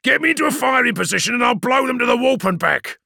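A man's voice: very high-pitched, animated, extremely slow, gravelly, bright, forceful tone, no room sound, studio quality, voice pushed up, heavily acted. A man voicing a snarling, trigger-happy gunnery officer. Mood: urgent. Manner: snarling, urgent, eager to fire. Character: fierce male warship gunnery officer, aggressive.

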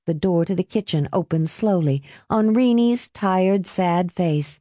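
A woman narrating a dramatic novel in a measured, expressive storytelling manner. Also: fairly low pitch, no room sound, clean studio sound. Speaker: audiobook narrator.

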